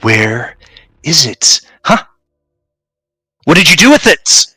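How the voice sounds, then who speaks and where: A man voicing an arrogant, entitled sixteen-year-old heir to a crime family who growls out shouted threats. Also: on the high side, big pitch swings, slow pace, breathy edge, dry recording, faint music behind, voice pushed up, exaggerated voice. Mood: menacing.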